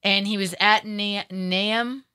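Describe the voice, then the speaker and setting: Woman, Boston accent, radio host, low bright forceful voice, effusive, dry sound. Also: normal speed, dry recording. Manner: effusive, stammering repeats. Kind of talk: casual chat.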